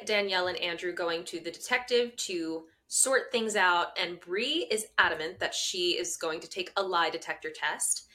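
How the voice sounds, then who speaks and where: A woman's voice: lowish voice, sharp tone. A woman co-hosting a podcast, recapping a TV episode in casual chat with a wry, openly annoyed tone toward the characters. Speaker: podcast co-host.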